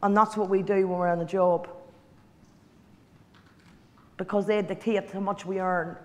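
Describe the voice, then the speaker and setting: A woman's voice: mid-range voice, fairly even intonation, unhurried. A woman giving a motivational talk to an audience, chatty and direct, repeating key lines for emphasis. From Ireland. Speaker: motivational guest speaker. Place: large hall. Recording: hall reverb, stage speech.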